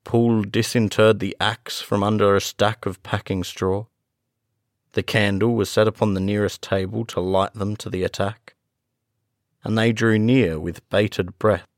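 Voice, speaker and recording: A man reading a classic gothic story aloud as a narrator, in a slow, measured storytelling manner. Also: fairly low pitch, steady tone, no echo, clean studio sound. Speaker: audiobook narrator. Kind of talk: scripted narration.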